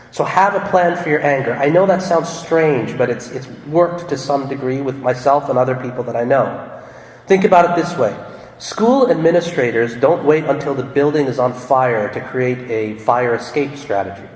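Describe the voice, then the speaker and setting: A man's voice: medium pitch, normal speed, a little mellow. A man preaching a sermon in a conversational way, asking rhetorical questions and acting out people's thoughts. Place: church sanctuary. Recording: echoey hall reverb with faint room noise.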